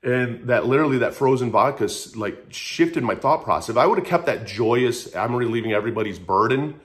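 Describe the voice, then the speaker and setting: A man's voice: mid-range voice, expressive, brisk, a bit bright. A man in his thirties telling a raw personal story in a casual, earnest way, swearing freely and repeating phrases. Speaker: vlogger sharing his story.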